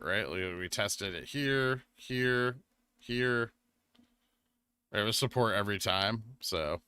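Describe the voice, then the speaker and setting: A man hosting a live trading stream, reading chat aloud and talking casually with lots of fillers, drifting from quiet murmurs to excited bursts. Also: fairly low pitch, slow, clean tone, no echo, studio quality. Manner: rambling, filler-heavy, swings from quiet muttering to excited bursts. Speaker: livestream trading host.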